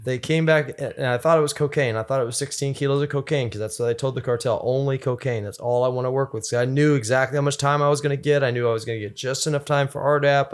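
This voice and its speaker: Guy rambling thru his story on a podcast, lots of ums and restarts, mid pitch. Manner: rambling, animated storytelling with many restarts and fillers. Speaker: podcast guest. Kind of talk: casual storytelling interview.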